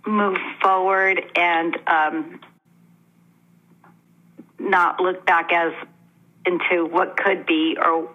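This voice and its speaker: Husky woman on a muffled phone line. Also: fairly low pitch, little pitch movement, very slow, long pauses. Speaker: caller. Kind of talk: calling in for advice.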